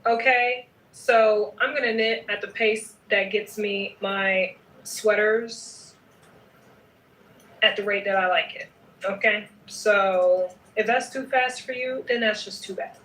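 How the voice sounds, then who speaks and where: A woman's voice: medium pitch, steady tone, slow, a bit bright, echoey room, recorded from a distance, rough recording. A woman chatting casually in a knitting vlog, playful and emphatic, often adding a teasing "okay?". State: sleepy at night. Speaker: knitting vlogger.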